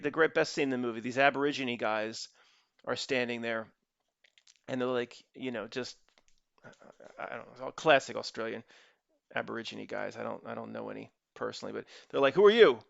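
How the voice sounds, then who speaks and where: A man's voice: mid-range voice, steady tone, moderate pace, creaky, fairly bright tone, no echo. A man hosting his own channel, talking in a rambling solo monologue full of restarts and asides to his viewers. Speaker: channel host. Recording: dull lo-fi dry recording.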